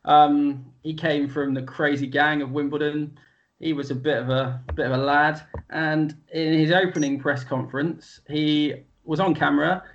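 A man on a chat panel, telling an anecdote in a laid-back, deadpan way. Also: on the high side, normal speed, highs cut off. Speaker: panel guest.

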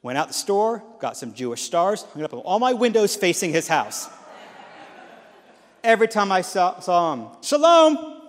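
A man's voice: high-pitched, normal speed. A man giving a sermon as guest speaker, telling stories and acting out the voices in them. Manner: animated storytelling with quoted voices. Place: church hall. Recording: long hall reverb.

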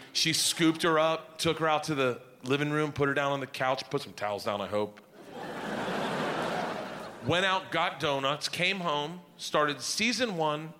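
Loud laughy comedy guy on stage, kinda high voice, crowd noise behind. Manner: loud, laughing, shouts punchlines. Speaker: stand-up comedian. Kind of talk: stand-up comedy set. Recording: live on stage with audience noise.

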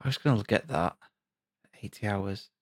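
A man's voice: lowish voice, normal speed, dry recording. A man co-hosting a podcast, talking in a laid-back, trailing way. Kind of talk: casual chat.

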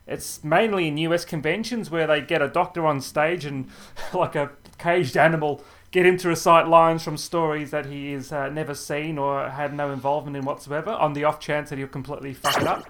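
A man's voice: fairly high pitch, fairly even intonation, fairly quick, few pauses, fairly bright tone. A man from New Zealand hosting a podcast, talking in a wry way and laughing between points. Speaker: podcast host. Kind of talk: casual chat.

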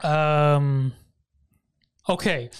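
A man's voice: fairly high pitch, very slow, clean tone. A man casually recapping an anime episode on a podcast, laughing often and briefly acting out the characters' lines. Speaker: podcast host.

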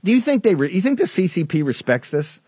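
Fast-talking and sing-song, this political talk show host has a high-pitched, slightly mellow voice with a breathy edge. He rants heatedly and rambles, fired up, constantly restarting and going off on asides. The recording is dry.

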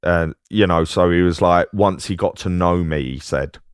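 A middle-aged man with a London Cockney accent, co-hosting a podcast, spins anecdotes and laughs along as he goes. His voice sits very low and is recorded close and dry. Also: steady tone, moderate pace, smooth, no room sound. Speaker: podcast co-host. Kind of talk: casual chat, storytelling.

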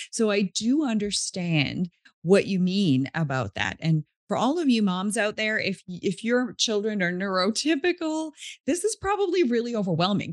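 A woman's voice: medium pitch, no echo, clean studio sound. A woman hosting a podcast interview, chatty and affirming, who relates to her guest with empathy. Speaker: podcast host. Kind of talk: conversational interview.

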